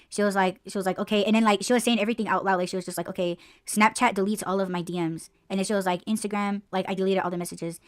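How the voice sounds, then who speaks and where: Animated, swearing woman telling stories. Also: medium pitch, fast talker, smooth. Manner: animated storytelling, heavy swearing and "like" fillers. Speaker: podcast co-host. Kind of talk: casual chat.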